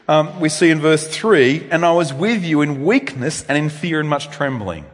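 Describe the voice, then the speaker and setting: A man preaching a sermon in a church, with animated delivery that swings between loud emphasis and quiet reflection. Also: a little high. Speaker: pastor. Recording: long reverb in a church.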